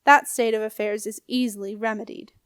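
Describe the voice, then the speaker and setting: A woman's voice: a little high, steady tone, a little fast, a bit bright, smooth, no echo, clean studio sound, natural voice. A woman reading an audiobook, voicing a scornful, menacing old male ghost with a snappish, growling manner. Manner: sneering, bullying.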